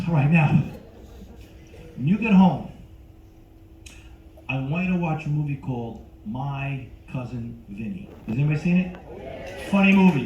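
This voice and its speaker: A man's voice: on the high side, darkish tone. A middle-aged man doing live stand-up comedy on a cruise ship stage, teasing the crowd brashly. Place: cruise ship show lounge. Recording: roomy, dull live stage sound. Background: audience laughter.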